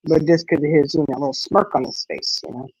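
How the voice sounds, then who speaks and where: Animated woman telling a story. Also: deep voice, fast talker, slightly rough, no echo, lo-fi sound. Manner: animated storyteller, acts out quotes. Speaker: host. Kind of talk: casual chat.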